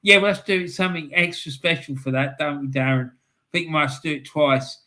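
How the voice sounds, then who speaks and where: A man's voice: sits high, moderate pace, sharp tone. A man from England hosting a live fan stream, chatting casually as he reads out viewer comments, laughing often and repeating phrases for emphasis.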